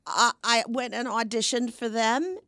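A woman's voice: on the high side, measured pace, a bit bright, no room sound, clean studio sound. A woman in her seventies, an actress guesting on a podcast, telling stories animatedly and acting out the people she quotes. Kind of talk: storytelling in a conversation.

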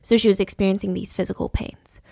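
A woman's voice: mid-range voice, flat delivery, quick pace, gravelly, dark tone, dry recording, clean studio sound. A woman narrating a true-crime story in a casual way, breaking in with opinionated, indignant asides.

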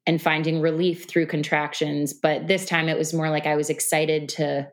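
Reflective woman, lowish voice. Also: little pitch movement, normal speed. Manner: reflective, with many fillers. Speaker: podcast guest, mother. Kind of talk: casual interview conversation. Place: New York City.

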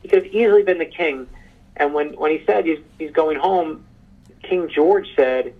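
Author guest: talkative man, fairly high and gravelly, heard on a dull, lo-fi line. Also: moderate pace. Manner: animated storyteller. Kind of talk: interview conversation. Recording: muffled phone-line sound.

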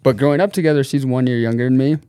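A man from Norway and the United States, a podcast guest telling stories in casual chat, animated, laughing often and swearing freely. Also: medium pitch, rapid-fire, clean tone, dry recording.

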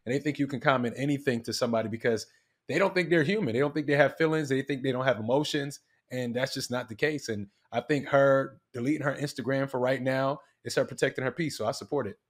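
A man co-hosting a casual talk show, speaking frankly and in a relaxed way. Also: mid-range voice. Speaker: co-host.

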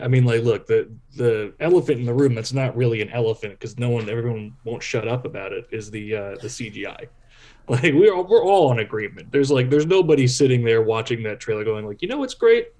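A man's voice: mid-range voice, animated, brisk, a little mellow. A man on a casual film chat panel who talks animatedly, laughs often and stammers through restarts.

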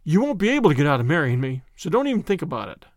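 A man's voice: a little high, very animated, racing, no room sound, clean studio sound. A man voicing an earnest young man who talks in a blunt, bossy and at times sarcastic way. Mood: fond.

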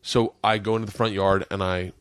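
A man's voice: lowish voice, level tone, fairly quick, smooth, no room sound, studio quality. A middle-aged man hosting a podcast, chatting casually and rambling through a family story. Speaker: podcast host. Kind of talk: casual chat.

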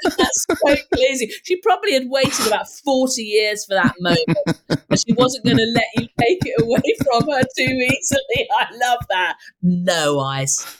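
A woman chatting as a podcast guest, expressive and gleeful, often laughing. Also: fairly high pitch, moderate pace, rough recording. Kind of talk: casual chat.

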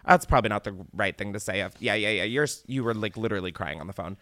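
A man's voice: on the low side, fast talker, fairly bright tone, no echo, clean studio sound. Rambling, laughing male podcast host. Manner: rambling, laughing, swearing freely. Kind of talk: casual chat.

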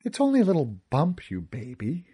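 A man reading aloud voices a young sorceress with a soft, measured, gently teasing manner. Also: a little high, huge pitch swings, slightly rough, voice pushed up, exaggerated voice. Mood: teasing calm.

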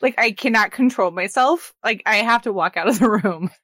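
A woman's voice: mid-range voice, moderate pace, fairly bright tone, no room sound. A woman in her thirties co-hosting a podcast, chatting casually with a lot of "like" and frequent laughs. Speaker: podcast co-host. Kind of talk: casual chat.

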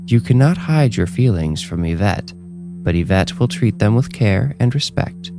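A calm, mystical fortune-teller woman, put on by a man narrator, speaking in a soothing, measured way. The voice sits low. Music plays steadily behind.

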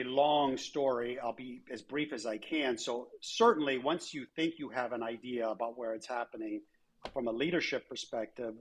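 Guy with a kinda raspy voice telling work stories, doing little voices for people he quotes, chatty interview. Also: medium pitch. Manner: anecdotal, acts out quoted dialogue. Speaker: former airline chief executive, guest. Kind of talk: conversational storytelling interview.

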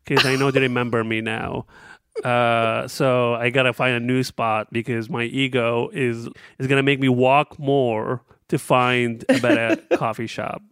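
A young man chats on a podcast, telling stories against himself and acting out what he said. His voice is smooth and resonant. The sound is close and dry, with no room around it. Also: mid-range voice, unhurried, fairly bright tone, dry recording. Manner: self-mocking storytelling, acts out his own lines. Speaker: podcast co-host and comedian. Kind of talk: casual chat.

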